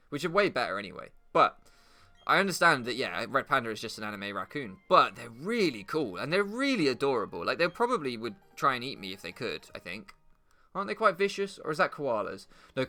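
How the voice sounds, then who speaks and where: A man's voice: mid-range voice, sharp tone. A young British man giving crude, sarcastic, rambling commentary over gameplay. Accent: British English. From England. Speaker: gaming commentator. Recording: game music behind.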